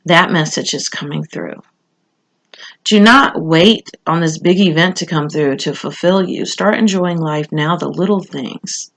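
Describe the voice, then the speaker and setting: A woman's voice: sits low, measured pace, a bit bright. A woman giving a casual, conversational tarot reading, talking with frequent fillers and asides. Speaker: tarot reader.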